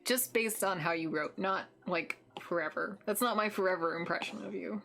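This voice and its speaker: A woman's voice: mid-range voice, normal speed, gravelly, a bit bright. Teasing, giggly young woman streamer. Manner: teasing, giggly, swears casually. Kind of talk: casual live-stream chat. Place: home with green screen.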